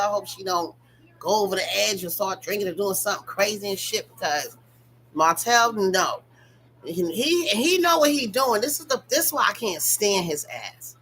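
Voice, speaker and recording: Woman vlogger, bright tense tone, emphatic and profane reaction commentary. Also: medium pitch, a little hiss or hum. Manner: emphatic, profane, talks straight to viewers.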